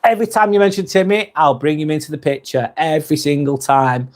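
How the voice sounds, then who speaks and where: A man's voice: fairly high pitch, fairly even intonation, brisk. A man hosting a casual live vlog, reading viewer comments aloud and chatting back to them.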